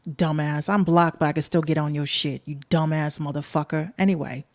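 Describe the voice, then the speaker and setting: Her voice sits low and moves briskly, with no echo in the recording. This podcast host, a woman from the Bronx speaking with a New York accent, aims a blunt, profane, sarcastic rant at her audience.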